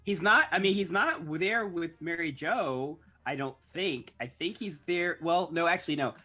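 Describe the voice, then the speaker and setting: A woman's voice: fairly low pitch, normal speed, sharp tone, faint music behind. A woman co-hosting a casual recap podcast, hesitant and self-correcting, with a wry tone. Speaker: podcast co-host.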